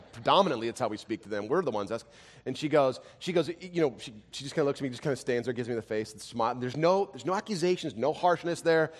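Animated male pastor in reverberant hall. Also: medium pitch. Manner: animated storytelling, swings from quiet to loud. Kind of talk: sermon.

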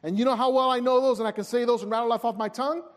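A man preaching a sermon in an earnest, pleading way, pushing hard at some moments and dropping soft at others. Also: very high-pitched, steady tone, very fast. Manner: earnest, pleading, rises and drops in intensity. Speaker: pastor. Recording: hall reverb.

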